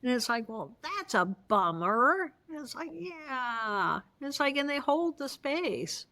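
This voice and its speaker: Expressive woman acting out voices. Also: sits high, slow pace. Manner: acts out voices, playful, expressive. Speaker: guest neuroanatomist. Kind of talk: animated interview storytelling.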